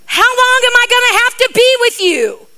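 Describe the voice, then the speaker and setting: Emphatic exasperated Jesus figure, woman preacher doing the voice, very high and bright, slow pleading words. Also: expressive, heavily acted. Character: exasperated Jesus scolding his doubting disciple. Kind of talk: sermon with acted Bible scene.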